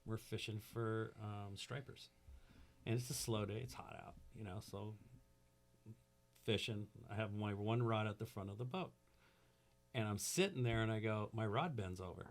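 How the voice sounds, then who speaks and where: A man's voice: fairly low pitch, moderate pace. A man who is a guest on a podcast, telling a fishing story and acting out the quotes with big jumps in his voice. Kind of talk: animated storytelling.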